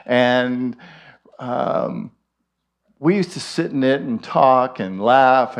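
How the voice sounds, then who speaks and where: A man with an Irish accent giving a conversational storytelling sermon, folksy with frequent asides. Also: mid-range voice. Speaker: minister giving a talk.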